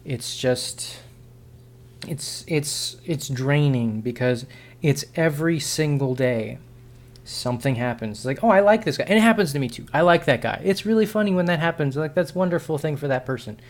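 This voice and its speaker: A man's voice: fairly high pitch, expressive, normal speed. A man vlogging an unscripted opinion monologue, frustrated and sarcastic, rambling with frequent restarts and self-corrections.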